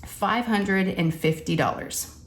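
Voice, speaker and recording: A woman's voice: lowish voice, normal speed. A woman, a crafting vlogger telling a story in casual chat and acting out the quotes with animation. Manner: animated, acts out quotes, says y'all.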